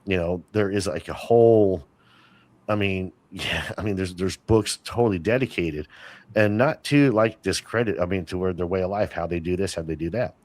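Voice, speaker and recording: A man with a lowish voice chats as a podcast guest, drifting from one story to the next with plenty of fillers and restarts. The sound is dry and close. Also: moderate pace, darkish tone, dry recording. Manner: rambling storyteller, many fillers. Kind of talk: casual interview chat.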